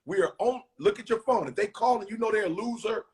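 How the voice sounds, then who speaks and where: A man's voice: high voice, quick pace. A middle-aged man, giving a hyped, preachy motivational talk full of slangy stories. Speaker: motivational speaker and co-host.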